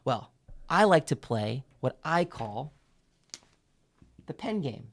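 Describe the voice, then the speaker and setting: Guy teaching how to speak better, really expressive up and down voice, shows the exercises as he goes. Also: mid-range voice, takes it slowly. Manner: animated, demonstrates exercises as he explains; emphatic, clear enunciation. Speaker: public speaking coach. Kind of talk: instructional video lesson.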